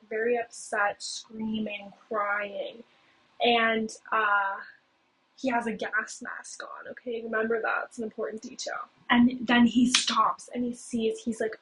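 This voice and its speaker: Chatty young woman, noisy cheap mic. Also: fairly bright tone. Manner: chatty, heavy use of "like" and "okay?". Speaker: video host. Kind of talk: casual plot recap. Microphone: cheap home mic. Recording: noisy low-quality home mic with clicks.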